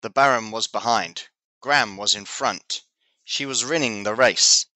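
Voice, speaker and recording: A man teaching English, reading a children's story aloud slowly and clearly. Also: lowish voice, bright, forceful tone, no room sound. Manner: slow, clear, deliberate reading.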